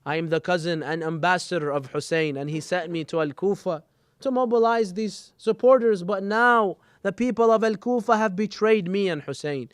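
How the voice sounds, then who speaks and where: A man voicing a loyal male envoy facing death, speaking with dignified, sorrowful pleading in a clear, fairly high voice. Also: moderate pace, close to an everyday voice. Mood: steadfast.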